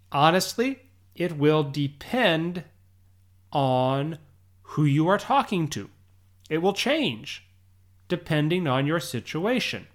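An English teacher with an American accent hosting a podcast lesson for learners, explaining slowly and deliberately and often checking in with the listener. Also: mid-range voice.

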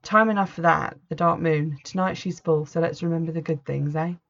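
A woman reading the part of a blunt, warm-hearted old grandmother witch, chiding and stony at times, on a dull lo-fi recording. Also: deep voice, fairly even intonation, a little fast, gravelly. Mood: gentle. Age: older.

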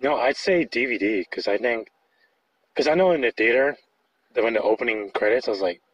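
A man's voice: mid-range voice, expressive, a little fast, husky, dry recording. A man co-hosting a podcast in casual chat, rambling with lots of filler words. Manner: rambling, laughs often, many likes. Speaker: podcast co-host. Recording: dull lo-fi sound.

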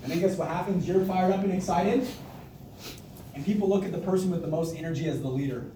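High-voiced, hyped man speaking in an echoey room. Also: quick pace, a little hiss or hum. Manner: hyped, energetic, repetitive, laughs often. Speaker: team leader giving a motivational talk. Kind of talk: motivational speech to a group. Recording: echoey room, mic from a distance.

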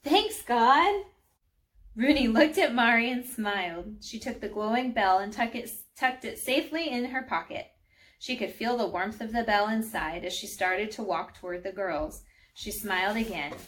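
A woman's voice: medium pitch, normal speed. Friendly woman storyteller, reading a picture book aloud for children. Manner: gentle, friendly, addresses children.

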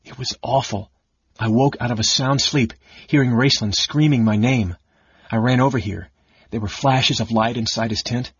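A man's voice: medium pitch, moderate pace, slightly rough, no room sound, lo-fi sound. A man voicing a frightened, exhausted young noblewoman cleric in a raised, pleading tone.

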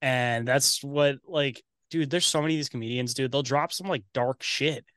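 A man's voice: mid-range voice, steady tone, moderate pace, fairly bright tone, clear, resonant tone, dry recording, clean studio sound. A man talking as a podcast guest in casual chat, loose and rambling, swearing a lot and calling his host "dude".

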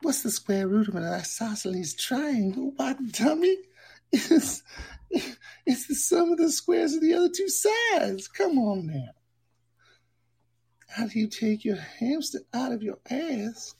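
A man's voice: expressive, measured pace, creaky, a little mellow, breathy edge, heavily acted. A man doing a campy sassy woman producer. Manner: high campy falsetto, brash and teasing. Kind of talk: livestream character bit.

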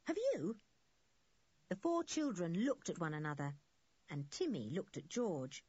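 A woman narrating a children's adventure story, reading lively and switching into voices for the children. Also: on the low side, moderate pace, slightly rough, no room sound, muffled recording. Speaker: audiobook narrator.

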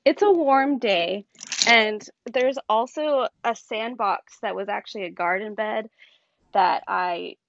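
A woman's voice: mid-range voice, takes it slowly, fairly bright tone, no room sound, lo-fi sound. A woman in her thirties, a guest in a casual chat, rambling through a story with plenty of fillers and giggles. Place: on her bed.

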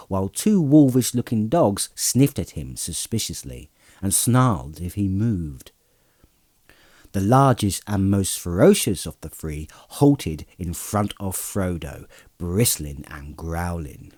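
A man's voice: on the low side, a little mellow, no room sound, clean studio sound. A man reading a fantasy novel aloud as an audiobook narrator, telling the story expressively. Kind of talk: scripted narration.

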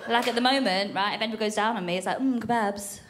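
A woman's voice: mid-range voice, very fast. A woman doing a brash stand-up routine on a comedy stage, swearing freely and talking straight to the crowd. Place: comedy club stage with audience. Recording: live stage recording with audience noise.

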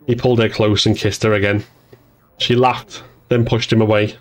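A man narrating an audiobook in an even, measured storytelling voice. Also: fairly low pitch.

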